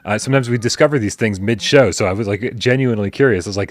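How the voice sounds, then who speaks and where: A man speaking quickly as co-host of a live gaming podcast, easygoing and curious. His voice sits mid-range and sounds close and dry on a podcast mic. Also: fairly low pitch, no echo. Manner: quick, curious, laughs along. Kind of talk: casual chat.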